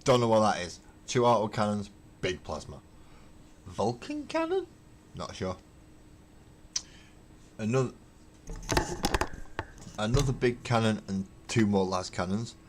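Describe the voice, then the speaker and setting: A man hosting a casual livestream while painting miniatures, rambling wryly and thinking out loud as he answers viewer comments from his hobby room at home. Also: fairly low pitch, unhurried, long pauses, a little hiss or hum. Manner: rambling, wry, thinks aloud with fillers. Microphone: webcam.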